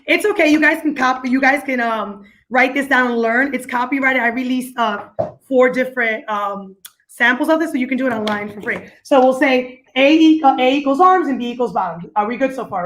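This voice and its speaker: High-voiced, energetic woman teaching dance. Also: moderate pace, slight background noise. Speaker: guest, dance company founder. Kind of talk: casual video-call interview, teaching a dance system. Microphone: video call.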